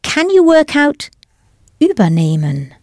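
A woman leading a scripted audio language lesson, explaining patiently and deliberately into a close studio mic. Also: high voice, huge pitch swings, darkish tone, dry recording. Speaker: language teacher.

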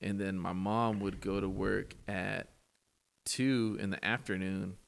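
Gravelly, excitable man chatting. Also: low voice, unhurried. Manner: excitable, laughing storyteller. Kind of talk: casual chat.

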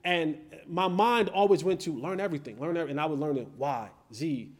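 A man hosting a podcast, telling a story in a lively, casual way and acting out quoted lines in different voices. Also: on the high side, a little fast. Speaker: podcast host and former player. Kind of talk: animated storytelling in casual chat.

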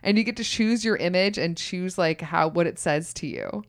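A woman's voice: lowish voice, normal speed. A woman co-hosting a casual podcast, chatty and giggly, with plenty of fillers. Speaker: podcast co-host.

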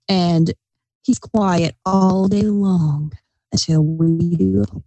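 A woman's voice: fairly low pitch, steady tone, slow pace, mellow, no echo, low-quality recording. Chatty woman podcast host, dry close sound. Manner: chatty, frank, joking. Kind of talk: casual podcast chat.

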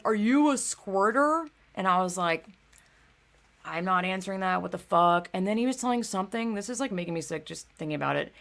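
Young woman streaming, low gravelly voice, lots of ums and swearing, rambly chat. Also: fairly bright tone. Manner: rambling, profane, filler-heavy. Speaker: livestream host. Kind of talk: casual livestream chat.

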